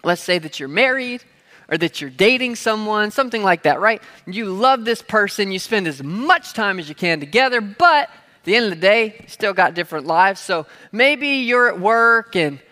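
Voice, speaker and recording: Pastor, male, high and bright: casual, joking sermon delivery in a big echoing church. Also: animated, normal speed. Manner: conversational, asks the crowd to repeat words; playful asides and everyday examples. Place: church hall. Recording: long reverb of a large hall.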